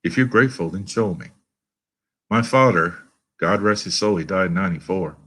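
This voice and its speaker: At a recovery meeting, a middle-aged guest from Canada speaks with a Canadian accent in a low, bright, forceful voice at a moderate pace. He tells his recovery stories casually and earnestly in a folksy style, voicing quoted people in raised tones.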